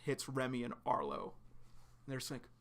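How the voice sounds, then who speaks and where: A man streaming live, retelling a webcomic chapter in quick, casual narration with sudden excited outbursts. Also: mid-range voice. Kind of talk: live reading and reaction.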